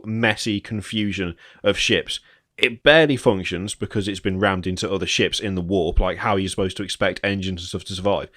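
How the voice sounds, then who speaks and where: A man's voice: lowish voice, a bit bright, no room sound, studio quality. A man co-hosting a casual gaming podcast, explaining with enthusiasm. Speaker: podcast co-host.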